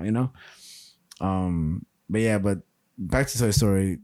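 A man co-hosting a podcast, chatting casually and telling stories in a loose, profane, animated way. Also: on the low side, normal speed, no echo, studio quality. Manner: animated, profane storytelling with frequent laughs. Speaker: podcast co-host. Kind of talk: casual chat.

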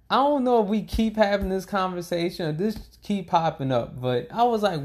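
A young man with a high voice, speaking at a moderate pace, rambles to the camera in a casual vlog. He's tired and hasn't slept, and he swears freely while venting about his day.

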